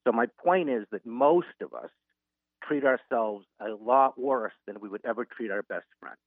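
A man's voice: medium pitch, moderate pace, no room sound. A man who is an author and guest, earnestly walking listeners through an example in a radio interview. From Boston. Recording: narrow phone-line sound.

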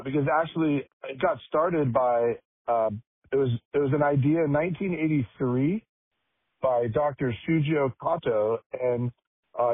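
Friendly man guest, husky voice, hesitant, thin dry radio line. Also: mid-range voice, no room sound. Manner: friendly, hesitant with many uhs. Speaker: festival chair, guest. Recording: dry phone-like radio sound.

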